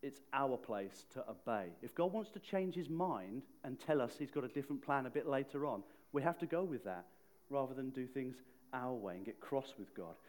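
A man's voice: mid-range voice, lively intonation, normal speed, darkish tone. A man preaching a sermon in a conversational way, often asking the listeners questions. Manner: conversational, asks the audience questions.

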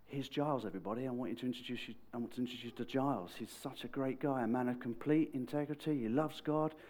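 A man's voice: medium pitch, quick pace, a little mellow, close to an everyday voice. A preacher voicing an effusive, friendly man.

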